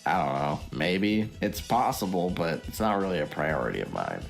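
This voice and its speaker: A man giving scripted video commentary in a measured, dry manner, with faint music behind him. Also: sits low, sing-song, gravelly. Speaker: video essayist.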